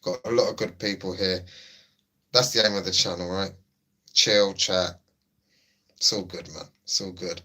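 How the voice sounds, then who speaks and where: A man's voice: sits low, level tone, moderate pace, pauses often, pushed and bright. A young man hosting a livestream, chatting casually and joking as he reads out viewer messages. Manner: laid-back, jokey, reads chat aloud. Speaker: livestream host.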